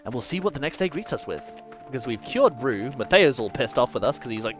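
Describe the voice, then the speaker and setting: A man chatting casually as he plays a game on stream, playful and loose-tongued with plenty of swearing. His voice sits at an ordinary middle pitch but leaps around expressively. Soft music plays faintly behind him. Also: expressive, fast talker. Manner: playful, swears freely, muses aloud while playing. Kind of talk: casual gameplay commentary.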